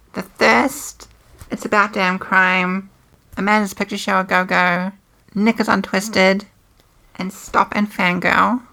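A woman co-hosting a podcast, chatting and running through shout-outs in an upbeat, matter-of-fact way. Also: medium pitch, vocal fry. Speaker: podcast co-host. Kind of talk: casual chat, reading shout-outs.

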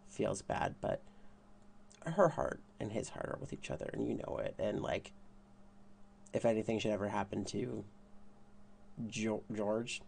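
A young man with a gravelly voice chatting casually and rambling, with plenty of fillers. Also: on the low side, a bit bright. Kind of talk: casual chat ranking game characters.

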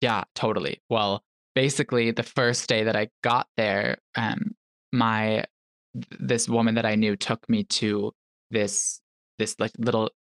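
A man's voice: fairly low pitch, gravelly, dry recording, studio quality. A young man as a podcast guest, casually telling a personal story and acting out what people said. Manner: animated storyteller who acts out quotes.

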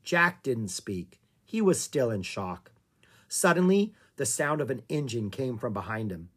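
An audiobook narrator reading a children's story aloud in a calm, expressive way. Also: medium pitch, measured pace, husky.

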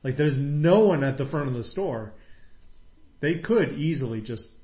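A man's voice: fairly high pitch, expressive, a little slow. Rambling man in an echoey room. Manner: rambling retelling with many fillers, quoting characters. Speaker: podcast co-host recapping a TV episode. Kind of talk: casual chat. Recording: echoey room, dull lo-fi sound.

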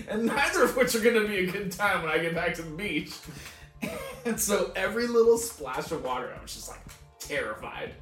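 A young man with a slightly high voice tells a loose, swearing story and laughs his way through it. He sounds set back from the mic in an echoey room. Faint music plays underneath. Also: very animated, normal speed, a bit bright, recorded from a distance. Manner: laughing often, swearing, quoting himself. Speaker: podcast co-host. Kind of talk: casual storytelling.

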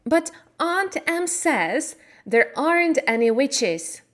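A woman's voice: high voice, sing-song, pitched above the performer's own voice, full character voice. Woman doing a young girl, worried. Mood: puzzled. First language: Slovak. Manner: slow, clearly pronounced.

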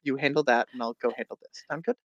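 A man's voice: medium pitch, steady tone, fast, highs cut off, a crowd in the background, natural voice. A man playing a brusque, sarcastic male healer in a tabletop game, in his own voice. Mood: coaxing. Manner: dry, impatient.

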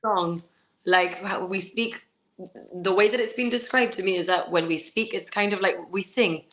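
A woman's voice: medium pitch, moderate pace, fairly bright tone. A woman in her twenties with a Gibraltarian accent, chatting as an interview guest and laughing as she tells stories. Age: 20s. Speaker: pageant contestant, guest. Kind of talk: casual interview chat.

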